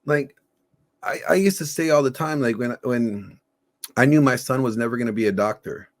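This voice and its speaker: A middle-aged man co-hosting a reaction show, telling stories in a loose, animated, profane way. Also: mid-range voice, moderate pace. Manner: animated storyteller, swears freely. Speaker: podcast co-host reacting to a video. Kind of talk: casual profane reaction chat.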